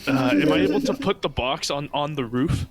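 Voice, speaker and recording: A man's voice: medium pitch, brisk. A man playing a tabletop game, asking the game master questions and laughing often. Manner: excitable, asks questions, laughs. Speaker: player. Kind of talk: casual tabletop play.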